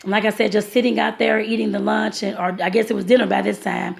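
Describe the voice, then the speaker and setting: A woman's voice: medium pitch, level tone, fast talker, gravelly. A woman vlogger casually telling viewers about her day, rambling and chatty, laughing often and calling them y'all. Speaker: travel vlogger.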